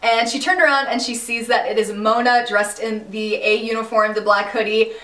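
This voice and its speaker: A woman casually recapping a TV finale, animated and slangy, exclaiming and laughing as she tells it. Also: a little high, normal speed, recorded from a distance. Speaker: recap vlogger. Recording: echoey room, a bit off-mic.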